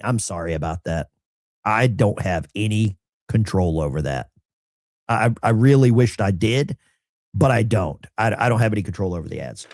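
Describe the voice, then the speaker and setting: A man's voice: fairly low pitch, expressive, moderate pace, darkish tone, no room sound, clean studio sound. A middle-aged man, a veteran, hosting a casual livestream and reading viewer mail in a blunt, salty, self-mocking way.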